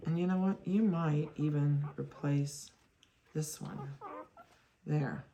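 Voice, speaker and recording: With a deep, warm voice and a slow pace, a woman breeder talks to the puppies she's handling indoors at a kennel, narrating chattily and laughing at her own mistakes. A little hiss or hum sits under the recording.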